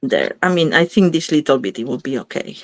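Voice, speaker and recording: A woman's voice: extremely low pitch, sing-song, brisk, no room sound. A woman hosting a card-making video, chatting casually and thinking aloud as she works, often stopping to correct herself. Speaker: craft video host. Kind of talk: casual crafting demo chat.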